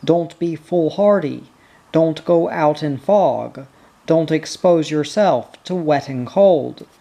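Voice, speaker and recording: A gentle, caring noblewoman who coaxes and pleads softly, as a reader puts her on. She speaks slowly, in a slightly gravelly voice close to the reader's own. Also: deep voice, exaggerated voice. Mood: gentle coaxing. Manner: gentle, coaxing.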